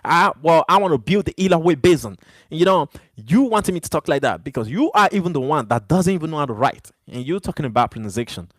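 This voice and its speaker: A man's voice: on the high side, expressive, fast talker, no echo. A man hosting a live stream, arguing back at chat viewers in a heated, repetitive way, English not his first language. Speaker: livestream host.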